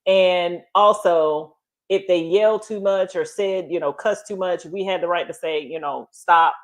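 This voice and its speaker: A middle-aged woman telling stories in a casual chat, animated, often laughing and acting out quotes. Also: fairly low pitch, normal speed. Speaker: guest storyteller.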